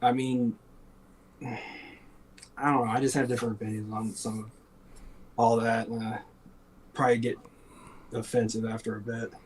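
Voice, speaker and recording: A man's voice: mid-range voice, level tone, normal speed, long pauses, a little mellow, slight background noise, poor audio. A man co-hosting a casual talk show, sarcastic and profane, laughing often and mocking people in put-on voices. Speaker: podcast co-host. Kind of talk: casual chat.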